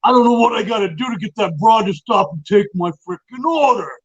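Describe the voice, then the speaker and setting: Brief: man doing a pushy, shouting New York guy with no manners, thick New York accent, voice pitched up, slightly muffled lo-fi audio. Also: fairly quick, husky. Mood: brash. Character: loud abrasive New York man ordering at a restaurant, no filter.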